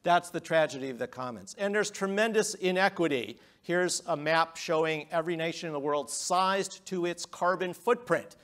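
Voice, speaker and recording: A middle-aged man giving a public lecture, emphatic, with rhetorical questions and swings between loud and quiet. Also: a little high, moderate pace, hardly any pauses. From United States.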